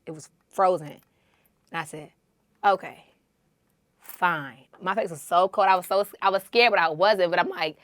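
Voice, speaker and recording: Animated woman host in a dry room. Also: on the low side, normal speed, pauses often, no echo. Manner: animated storytelling with quoted asides. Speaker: podcast host. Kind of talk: casual conversation.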